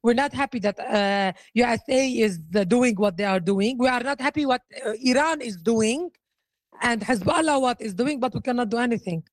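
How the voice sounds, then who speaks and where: A middle-aged Lebanese woman with an accent, speaking English as a second language to an interviewer over the phone, halting, with many restarts. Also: a little high, no echo, rough recording. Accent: Lebanese Arabic. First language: Arabic. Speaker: interviewee, hotel owner.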